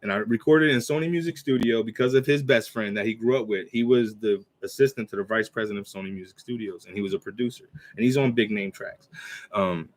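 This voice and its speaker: A man in his forties speaks casually into a computer mic, his voice sitting at an ordinary middle pitch. He rambles, restarts his sentences and clears his throat often, in the easy manner of someone telling stories. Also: fairly bright tone. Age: 40s. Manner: recites his own verses in a slow, measured cadence. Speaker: channel host. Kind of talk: casual talk to camera.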